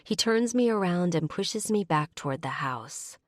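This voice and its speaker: A woman narrating a first-person romance audiobook in a measured, intimate way. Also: fairly low pitch, expressive, no room sound, clean studio sound.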